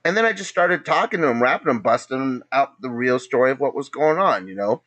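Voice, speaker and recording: A man's voice: medium pitch, animated, brisk, a bit bright. Laughing, profane storytelling man. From Los Angeles area. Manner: laughs often while telling stories, swears a lot. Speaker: podcast host.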